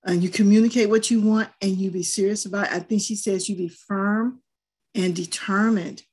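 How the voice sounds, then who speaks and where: A woman's voice: mid-range voice, fairly even intonation, normal speed, a little mellow, husky. An older woman and grandmother, speaking in a firm, earnest way in a group discussion and telling stories from home. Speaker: panelist. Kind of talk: casual discussion.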